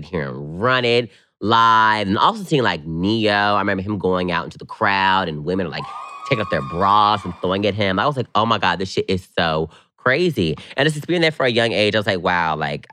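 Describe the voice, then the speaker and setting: A man co-hosting a podcast, telling stories in casual, slangy chat and jumping up in pitch when excited. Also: no room sound, clean studio sound. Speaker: podcast co-host.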